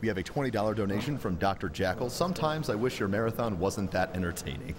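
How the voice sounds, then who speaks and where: Low-voiced man reading donations dryly. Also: lively intonation, fast, hardly any pauses, music in the background. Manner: dry, jokey announcer delivery. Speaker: donation reader at a charity gaming marathon. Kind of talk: reading donation messages live.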